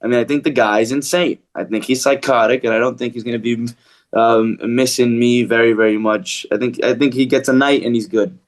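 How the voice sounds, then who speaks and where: A man being interviewed as an actor, talking casually with lots of fillers and restarts. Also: mid-range voice. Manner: relaxed, halting with many restarts and fillers.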